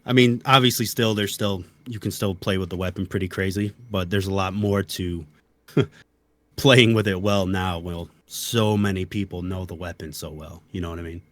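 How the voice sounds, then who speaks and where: Brief: young male guest, casual, chatty and easygoing, slightly low pitch, dry recording. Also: fairly even intonation, moderate pace, no echo. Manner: laid-back, chatty, says "dude" and "you know". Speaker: interview guest, game player and video creator. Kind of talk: casual conversation.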